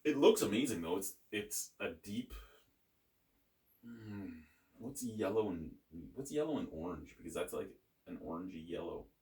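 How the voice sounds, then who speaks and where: A man with a somewhat low voice talks through a beer tasting in a loose, rambling way, dropping jokes and curse words. He sits a little away from the microphone. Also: lively intonation, moderate pace, darkish tone, roomy sound, distant mic. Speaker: beer review host. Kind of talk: casual beer review chat.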